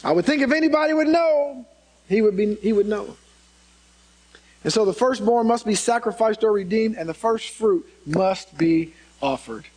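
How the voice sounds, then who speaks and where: High-voiced man preaching with emphasis. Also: moderate pace, darkish tone, low-quality recording. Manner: emphatic preaching, repeats key words, calls out "come on". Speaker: pastor. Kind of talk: sermon.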